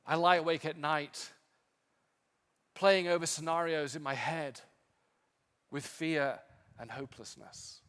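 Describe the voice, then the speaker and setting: A male pastor preaching a sermon with impassioned emphasis, swinging from strong peaks to quiet, low passages. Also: steady tone, slow, pauses often, clean tone, long reverb tail. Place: church sanctuary.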